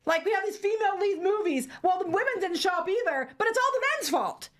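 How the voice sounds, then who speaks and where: A woman with a very high, lively voice that leaps up and down as she vents. She co-hosts a casual podcast chat in a heated, profane and sarcastic tone. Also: fast talker. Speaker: co-host.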